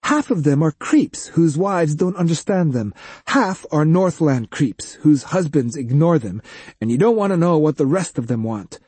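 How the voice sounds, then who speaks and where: A man voicing a sharp, fed-up young woman in an audiobook, snapping back. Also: fairly high pitch, lively intonation, normal speed, husky, no room sound, pitched above the performer's own voice. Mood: snappish.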